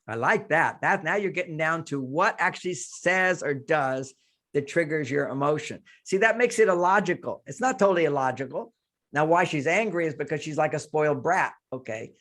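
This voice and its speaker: A man's voice: a little high, normal speed, a bit bright. A man leading an emotional coaching session, emphatically voicing anger in the first person to demonstrate the exercise.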